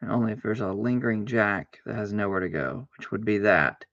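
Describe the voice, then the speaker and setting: A man streaming a card game, chatting casually to himself, arguing back and forth aloud with sudden excited exclamations. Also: lowish voice, brisk, no room sound, dull audio. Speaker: livestreamer playing solitaire. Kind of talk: casual self-talk while gaming.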